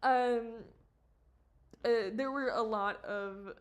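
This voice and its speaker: A woman's voice: fairly high pitch, drawn-out words. A woman animator chatting casually on a livestream while she works, rambling, giggling and swearing freely. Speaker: animator livestreaming her work. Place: home studio at a computer.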